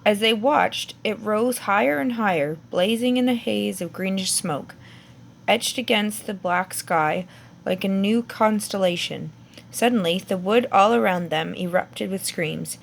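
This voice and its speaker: A woman reading a fantasy novel aloud in an expressive amateur audiobook style, stumbling and correcting herself now and then. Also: mid-range voice, a little slow, gravelly, a little hiss or hum. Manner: expressive, with slips and self-corrections. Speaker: reader.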